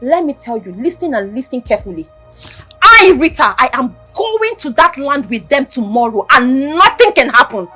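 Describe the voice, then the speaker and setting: An actress playing a defiant Nigerian daughter who talks back hard, her voice high and bright with wide swings. She taunts and refuses to give ground. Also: big pitch swings, normal speed, breathy edge, soft background music, exaggerated voice. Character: defiant young woman Rita, daughter. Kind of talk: film drama acting.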